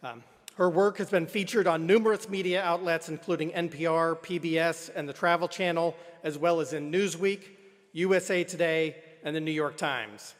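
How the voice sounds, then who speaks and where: A man's voice: fairly high pitch, steady tone, normal speed. Man introducing a speaker in a hall. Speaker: university official introducing the speaker. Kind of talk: formal introduction. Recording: reverberant ceremony hall.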